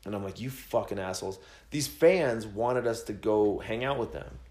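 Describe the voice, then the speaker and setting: Low-voiced man telling a profane story. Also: moderate pace, reverberant. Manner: rambling, swearing, animated quoting of friends. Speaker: podcast host telling a story.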